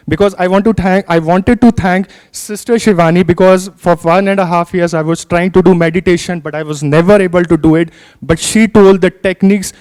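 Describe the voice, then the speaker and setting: A man's voice: sits high, a little mellow. A man with an Indian accent giving grateful, hesitant feedback at a session. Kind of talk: feedback talk.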